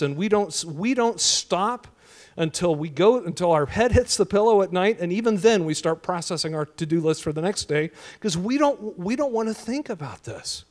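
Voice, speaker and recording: A male pastor with a high voice preaches in a church. He talks earnestly, repeating his questions and restarting words as he builds his point. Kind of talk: sermon. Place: church sanctuary.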